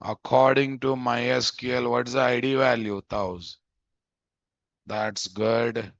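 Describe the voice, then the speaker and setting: A man's voice: medium pitch, fairly even intonation, takes it slowly, vocal fry, no echo. Casting note: male coding instructor, thinks aloud and repeats himself, dry lo-fi mic. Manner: thinks aloud, repeats phrases, often adds "guys?". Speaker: programming instructor. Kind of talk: live coding lesson. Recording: dull, dry lo-fi mic audio.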